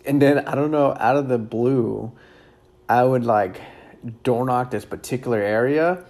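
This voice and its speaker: A real estate agent telling stories about his job in a casual, rambling way, full of fillers and repeated words, relaxed and candid with some mild cursing. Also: medium pitch, measured pace. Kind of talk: casual storytelling.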